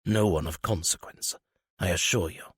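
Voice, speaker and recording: A man voicing an indignant duchess in an audiobook, gruff and growling. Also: sits low, normal speed, no echo, clean studio sound.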